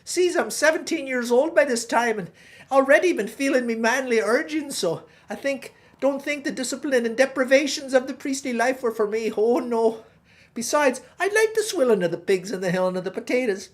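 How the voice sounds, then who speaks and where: A woman playing a chatty middle-aged Irish pig farmer in a stage Irish accent, telling a rambling comic story. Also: high voice. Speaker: guest host. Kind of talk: comic monologue in character.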